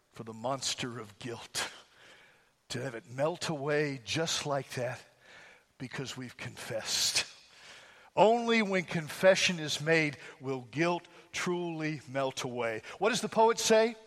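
A pastor with a notably high voice delivers a sermon, developing his points through homely stories and rhetorical questions. His voice rings through a hall with long, lingering reverb.

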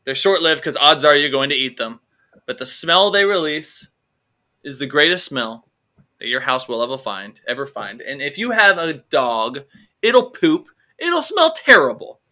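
A man's voice: medium pitch, expressive, normal speed, pushed and bright. A man co-hosting a comedy podcast, rambling through jokes and swearing freely in casual chat. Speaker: podcast co-host.

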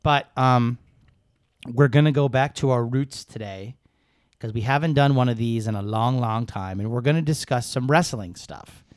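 A man talks loosely and at length as co-host of a casual podcast, joking his way through the chat. His voice sits at a medium pitch. The recording is dry and close, with no room sound. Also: moderate pace, no echo. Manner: rambling, joking, talkative.

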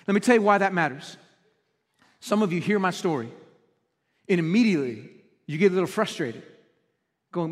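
A pastor with a high-pitched voice preaches straight to his congregation. He is earnest and questioning, and his words ring out through a long, echoing church hall. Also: lively intonation, normal speed, pauses often. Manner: earnest, direct address to the congregation with rhetorical questions. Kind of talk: sermon. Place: church auditorium.

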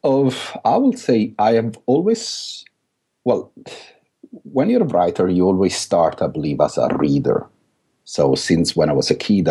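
A man's voice: low-pitched, dark tone, husky. A middle-aged man with a thick Italian accent, a guest author talking through a podcast interview with many fillers and restarts. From Italy.

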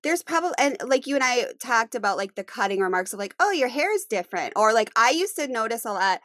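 A woman's voice: a little high, quick pace, no room sound. Chatty woman podcast co-host, dry sound. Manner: chatty, animated, acts out quotes. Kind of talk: casual chat.

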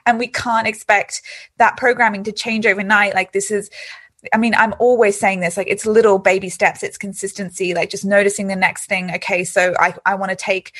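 A woman hosting a podcast, talking in a calm, encouraging coaching way. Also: medium pitch. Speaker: podcast host. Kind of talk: reflective coaching talk.

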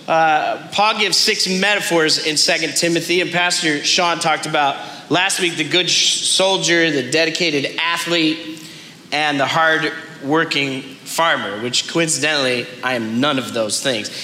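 A man's voice: fairly high pitch, pushed and bright, a little hiss or hum. A man preaching a sermon in a church, earnest and self-deprecating. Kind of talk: sermon clip. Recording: roomy hall with faint ambience.

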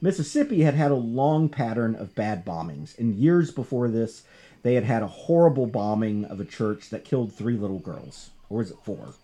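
A man hosting a casual talk show, discussing comics and history in an animated, conversational way. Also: normal speed. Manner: animated, conversational, jumps in pitch for emphasis. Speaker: podcast host.

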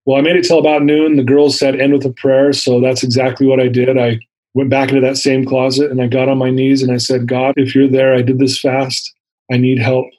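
A man's voice: medium pitch, a little mellow, poor audio. A man in his fifties sharing his personal story as an interview guest, earnest and vivid, acting out the dialogue he quotes.

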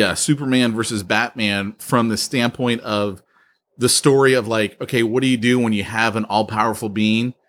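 A man's voice: medium pitch, a bit bright. A man co-hosting a podcast, chatting casually and telling stories with frequent laughs over a remote call. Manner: chatty, laughs often, storytelling. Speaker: podcast co-host.

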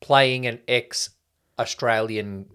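A man's voice: medium pitch, steady tone, very slow, fairly bright tone, smooth. A man co-hosting a casual movie review podcast, arguing his points emphatically and swearing now and then. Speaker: podcast co-host. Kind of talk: casual film review chat.

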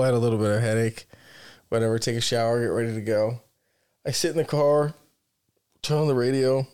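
A man in casual podcast talk, swearing freely and joking bluntly as he tells a story. His pitch sits in an ordinary middle range for a man. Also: a little mellow, smooth. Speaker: podcast host.

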